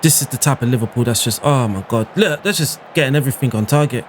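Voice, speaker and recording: A man's voice: medium pitch, fast, noisy background. A man commentating on his own football game as a YouTuber, exclaiming and groaning at every chance. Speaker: gaming YouTuber.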